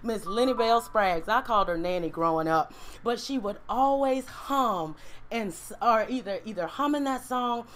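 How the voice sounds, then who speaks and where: Expressive woman pastor, slightly high voice. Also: moderate pace. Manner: warm, emotional, talks straight to viewers; conversational, often says "y'all" and hums "mm". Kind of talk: casual livestream Bible lesson.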